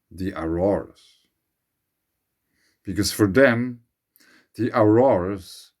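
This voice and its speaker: Finnish-accented guy thinking out loud, real slow, lowish voice. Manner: slow, musing, non-native phrasing. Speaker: channel host. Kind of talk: speculative monologue.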